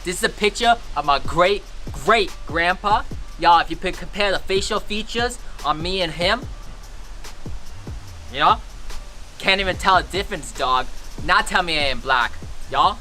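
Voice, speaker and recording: A man's voice: high voice, expressive, normal speed, long pauses, sharp tone, soft background music. A young man in a comedy sketch playing a white guy who puts on heavy street slang and swagger. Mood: boastful.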